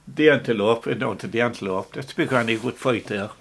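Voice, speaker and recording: An older man with an Irish accent, reminiscing in a relaxed, rambling way, often stopping to restart and chuckling as he talks. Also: mid-range voice, normal speed, vocal fry, slight background noise. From Ireland. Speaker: interviewee. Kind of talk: casual reminiscing.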